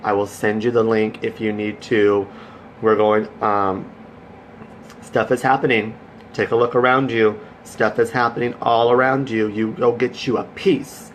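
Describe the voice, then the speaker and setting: This man speaks a little slowly in a fairly low, level voice, with a little hiss or hum behind him. During his casual Facebook Live chat he's gushing and friendly, greeting viewers by name and cheering them on.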